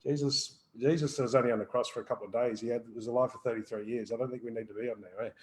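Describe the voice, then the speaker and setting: A man's voice: mid-range voice, steady tone, very fast, rough recording. A man co-hosting a live question-and-answer stream, talking bluntly and swearing freely about feelings and energy healing. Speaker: energy healer co-host. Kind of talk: live Q&A chat.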